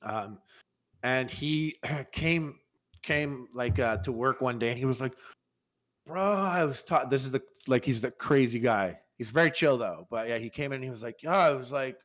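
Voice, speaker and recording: A man's voice: medium pitch, normal speed. A man telling a story in casual podcast chat, acting out the people in it. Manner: animated anecdote-telling, acts out quotes. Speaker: podcast guest.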